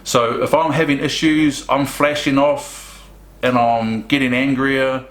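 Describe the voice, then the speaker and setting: A man's voice: mid-range voice, fairly even intonation, measured pace, a bit bright. Kiwi guy, middle-aged, blunt and chatty q and a, bit of room echo. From New Zealand. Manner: frank, conversational, acts out quoted dialogue. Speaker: speaker answering audience questions. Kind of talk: Q and A talk at a summit. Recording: roomy echo.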